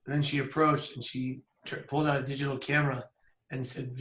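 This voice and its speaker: A man in his thirties tells a personal story outdoors, earnest and measured, pausing between thoughts. His voice stays mid-pitched and fairly flat in melody. The sound carries a roomy echo. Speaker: public speaker. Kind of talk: personal story told on camera. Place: outdoors by a bridge.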